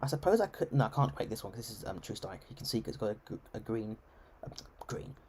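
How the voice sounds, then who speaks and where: A man's voice: on the low side, big pitch swings, quick pace, a little mellow, a little hiss or hum. A man with an English received-pronunciation accent, giving chatty live gameplay commentary full of ums and restarts. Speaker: game streamer.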